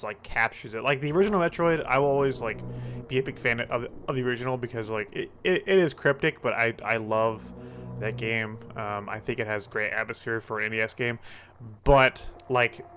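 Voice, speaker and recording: A man's voice: medium pitch, a bit bright, a little hiss or hum. Eager man chatting with lots of "like". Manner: enthusiastic, halting, heavy use of "like". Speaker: podcast co-host. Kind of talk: casual gaming podcast chat.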